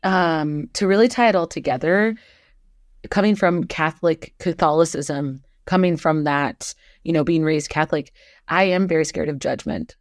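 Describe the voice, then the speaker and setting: Brief: young woman guest, low voice, dry close mic, animated, self-mocking storyteller. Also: moderate pace, dry recording. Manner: animated, self-deprecating, laughs often. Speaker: guest actor and writer. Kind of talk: casual podcast storytelling.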